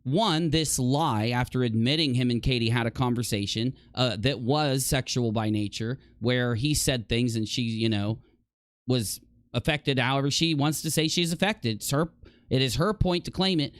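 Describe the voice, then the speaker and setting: A man's voice: medium pitch, no echo. A man hosting a commentary channel, arguing indignantly and sarcastically against clips he plays. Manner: indignant, sarcastic, rapid-fire questions. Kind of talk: heated commentary over played clips.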